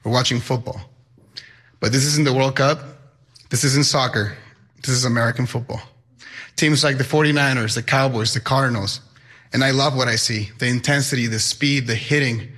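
Young guy telling his life story, bright forceful voice, earnest. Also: mid-range voice, steady tone, moderate pace, husky. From Mexico. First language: Spanish. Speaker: high school Spanish teacher. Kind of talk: personal storytelling.

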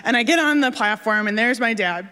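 A woman telling a personal story on stage, animated and self-deprecating, acting out the voices of the people in it. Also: a little high, fairly quick, clean tone. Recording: long hall reverb.

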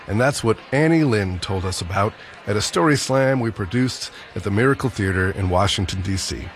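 Low-voiced male radio host. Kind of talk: scripted radio introduction.

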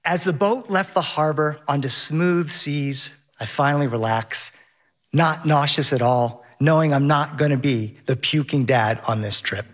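A man's voice: a little high, measured pace. A man telling a first-person story on stage, with vivid and well-paced narration.

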